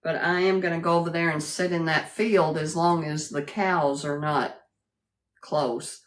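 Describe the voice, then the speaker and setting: A woman hosting a casual live stream, talking into her phone at home. She greets viewers one by one and laughs freely as she chats. Her voice sits a little low, and she talks at an unhurried, drawn-out pace. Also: fairly even intonation. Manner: chatty, laughs a lot, greets viewers by name. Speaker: livestream host greeting viewers.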